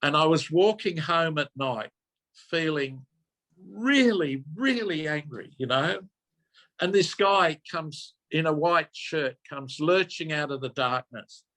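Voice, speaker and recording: A man's voice: a little high, animated, takes it slowly, fairly bright tone. An older man, a minister telling a personal story in an earnest way, often repeating and correcting himself. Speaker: minister giving a talk.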